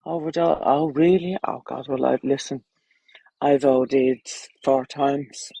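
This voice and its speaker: A woman's voice: rumbling low, steady tone, unhurried, creaky, mellow, breathy edge, no room sound, muffled recording. An Irish woman with children, chatting bluntly and crudely on a casual livestream, rambling from topic to topic. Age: adult, with children.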